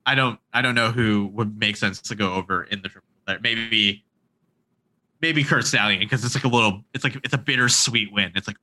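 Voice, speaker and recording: Guy with a really bright voice, talking casually, gets excited and trips over his own ideas. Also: on the low side, a little fast, poor audio. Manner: excited, thinks aloud with restarts. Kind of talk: casual wrestling fantasy-booking chat.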